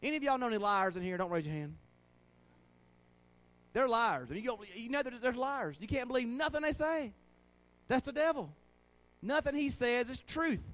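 A man, a pastor preaching a sermon and leading a prayer, swinging between loud exhortation and soft, earnest prayer. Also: extremely high pitch, animated, normal speed, long pauses.

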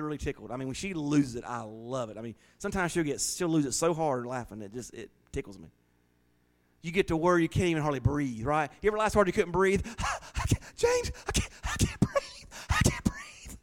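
A man's voice: on the high side, animated, fast. A man preaching a folksy, joking sermon in a small church, laughing often. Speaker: pastor.

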